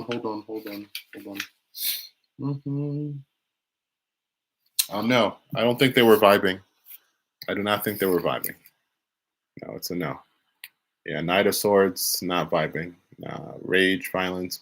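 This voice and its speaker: A man's voice: deep voice, moderate pace, pauses often, slight background noise, rough recording. A man giving a live-streamed tarot reading in a casual, rambling way, restarting and repeating phrases as he talks. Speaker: tarot reader.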